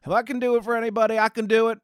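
A man's voice: very high voice, little pitch movement, rapid-fire, smooth, dry recording, clean studio sound, pitched above the performer's own voice. A man voicing a mocking impression of a boastful male sports agent with a put-on Southern accent. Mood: smug mocking.

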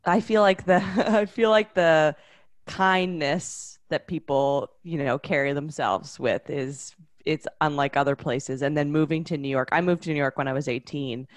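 A woman's voice: deep voice, normal speed. A young woman from Vancouver, a podcast co-host who chats in a friendly way and laughs easily. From Vancouver, Canada. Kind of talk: casual podcast chat.

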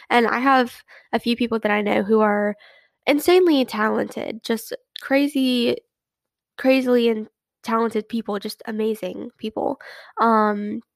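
Chatty young woman, gravelly fry. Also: a little high, no room sound. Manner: chatty, rambling, many fillers and restarts. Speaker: podcast host. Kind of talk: casual solo podcast chat.

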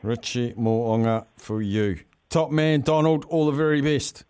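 A man with a New Zealand accent hosting radio talkback, moving briskly through callers with friendly banter. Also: medium pitch, warm tone, slight background noise. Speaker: radio host.

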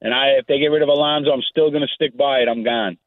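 A man's voice: medium pitch, fairly even intonation, quick pace, no room sound. A man calling in to a radio show, talking in an enthusiastic, casual, repetitive way over a phone line. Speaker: caller. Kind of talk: call-in chat.

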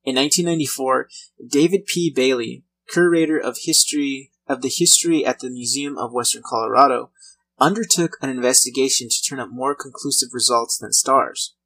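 A man's voice: medium pitch, a little fast, pushed and bright, husky, poor audio. A man casually reading out a true-crime history, conversational, with small slips and restarts.

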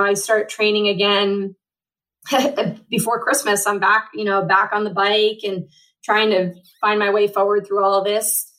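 A woman's voice: medium pitch, a bit bright, low-quality recording. A woman in her forties, a para-athlete guest telling her story at length in an interview, with a rambling manner and lots of restarts. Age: 40s. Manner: rambling, frequent fillers and restarts. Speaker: Paralympic triathlete guest.

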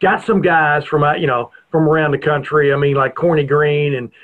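A male radio host works his way through questions, stammering and restarting as he goes. His voice sits somewhat high, and the audio is thin and narrow like a phone line. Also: fairly even intonation, moderate pace. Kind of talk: casual radio interview.

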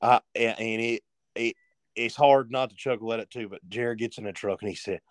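A man's voice: medium pitch, fairly even intonation, normal speed, dry recording, clean studio sound. A man telling a rambling story as a guest on a casual podcast.

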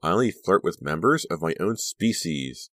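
A man's voice: low voice, sing-song, normal speed, a bit bright, no room sound, full character voice. A man doing a sarcastic teenage girl.

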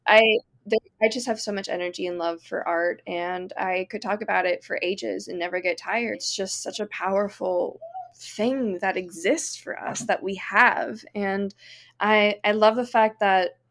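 A woman's voice: medium pitch, fairly even intonation, fairly bright tone. Enthusiastic woman art teacher, podcast guest. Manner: earnest, enthusiastic, talks fast in bursts. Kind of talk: casual podcast conversation.

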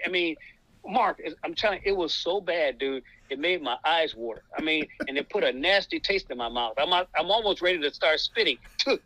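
A man basketball referee telling a funny game story in a lively way, stumbling over and repeating his words. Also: on the high side, no room sound, poor audio. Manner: animated, repeats words and says "man" a lot. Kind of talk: casual storytelling.

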